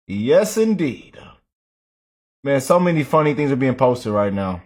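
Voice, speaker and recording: Animated man reacting to clips. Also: medium pitch, takes it slowly, long pauses. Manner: animated, laughing, chatty. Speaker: reaction host. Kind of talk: casual reaction commentary.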